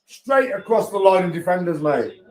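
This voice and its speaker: A man reacting loudly to a football match, excitable and swearing. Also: high voice, moderate pace. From Birmingham, England. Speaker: football fan streaming. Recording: echoey room.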